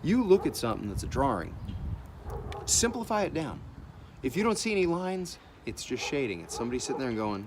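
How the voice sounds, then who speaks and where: An artist talking in a blunt, animated monologue, swearing freely as he gives his opinions. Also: medium pitch, fairly quick, background noise. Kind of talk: casual profane monologue.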